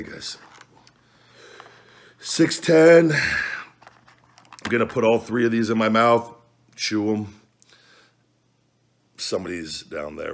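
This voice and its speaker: A man with a deep, low-pitched voice that has a husky, grainy edge. He talks in a loose, joking way and swears freely, like a vlog host rambling through a hot food challenge at home. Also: lively intonation, takes it slowly, pauses often. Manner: loose, joking, profane banter.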